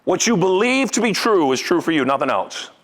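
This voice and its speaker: Fairly quick and highly animated, an older man leads a live seminar as a hypnotist and motivational speaker. His punchy talk to the audience in a large event room swings between loud emphasis and quiet asides.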